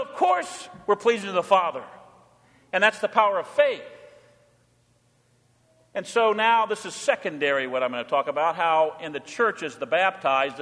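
High, bright-voiced pastor preaching in a reverberant church. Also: male voice. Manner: jovial, teasing preacher with rhythmic emphasis. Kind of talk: sermon. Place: church sanctuary.

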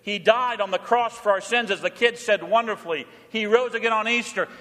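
High, bright-voiced pastor preaching in a reverberant church. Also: male voice, a little fast. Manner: jovial, teasing preacher with rhythmic emphasis. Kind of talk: sermon. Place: church sanctuary.

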